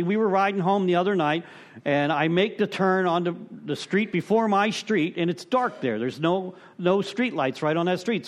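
Chatty high-voiced man addressing a recovery group. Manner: conversational, asks the room for agreement; animated storytelling. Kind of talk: informal talk reading and commenting on a recovery text. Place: meeting room with a group.

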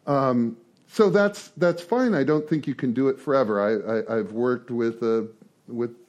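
A man's voice: mid-range voice, measured pace, a little mellow, dull audio. A man speaking informally to a recovery group, joking and repeating words as he thinks aloud. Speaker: speaker leading a twelve-traditions study series.

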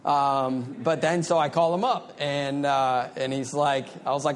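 A middle-aged man talking candidly and loosely, full of "like" and "you know". His voice sits at an ordinary mid pitch. He speaks in a relaxed, conversational way. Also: normal speed, hardly any pauses. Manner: candid, conversational, many fillers. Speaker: speaker sharing recovery story. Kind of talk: personal storytelling.

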